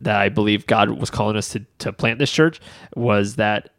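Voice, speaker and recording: A man's voice: lowish voice, fairly even intonation, normal speed, gravelly, a bit bright, no room sound, studio quality. A man co-hosting a casual podcast chat, a pastor who trades teasing asides and laughs. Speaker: co-host, church planter pastor.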